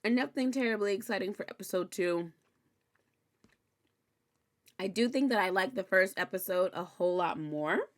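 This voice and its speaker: A young woman hosting a recap show, chatting casually and candidly, animated and swearing freely. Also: mid-range voice, normal speed, pauses often. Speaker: host recapping a TV episode. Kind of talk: casual chat.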